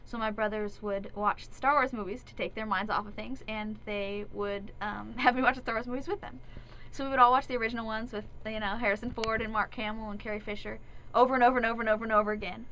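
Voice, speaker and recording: A woman's voice: a little high, steady tone, quick pace, a bit bright, a little hiss or hum, poor audio. A young woman, an actress and singer, chatting earnestly and giggling as a guest in a radio studio interview. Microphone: studio microphone.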